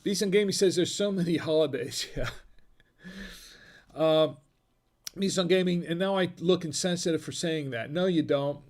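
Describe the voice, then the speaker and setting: Speaking at a normal speed with long pauses, this slightly high-voiced man hosts a relaxed livestream chat. He drinks wine, gets tipsy, reads the chat aloud in a rambling way, and chuckles a lot.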